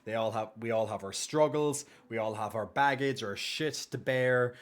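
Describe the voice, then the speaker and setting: A man's voice: medium pitch, moderate pace. A man live-streaming, chatting casually and reassuring viewers as he reads their messages and thanks subscribers.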